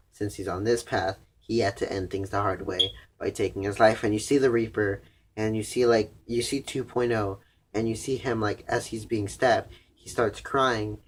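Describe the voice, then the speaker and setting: A man's voice: fairly low pitch, steady tone, normal speed, a little hiss or hum. A young man casually recapping an anime episode, rambling with lots of "like" and frequent swearing. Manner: rambling, profane, heavy use of "like". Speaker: anime reviewer.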